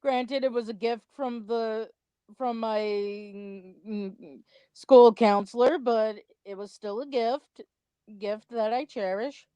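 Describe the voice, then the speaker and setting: A woman's voice: fairly high pitch, fairly even intonation, slow pace, mellow, clean tone, no echo. A young adult woman co-hosting a commentary video, chatty, rambling and a little self-conscious in casual chat.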